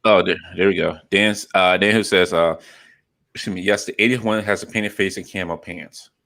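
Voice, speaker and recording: A man's voice: sits low, fairly even intonation, normal speed, sharp tone. A man hosting a casual podcast chat, rambling and repeating himself, laughing often. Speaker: podcast host.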